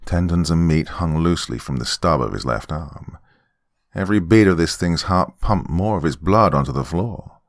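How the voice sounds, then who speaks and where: Very deep-voiced male horror narrator. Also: no echo, studio quality. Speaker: horror podcast host and narrator. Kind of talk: first-person horror story narration.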